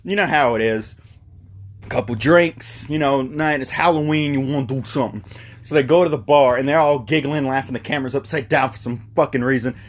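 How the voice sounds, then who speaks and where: A man giving a rambling, animated comic recap of a horror movie, with casual swearing. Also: mid-range voice, a little fast. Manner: rambling, animated storytelling with profanity. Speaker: movie reviewer.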